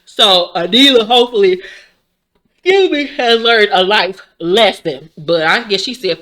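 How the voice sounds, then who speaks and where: A woman in her forties, tired and yawning, recapping a reality show in casual, animated talk full of swearing and laughter. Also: lowish voice, unhurried. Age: 40s.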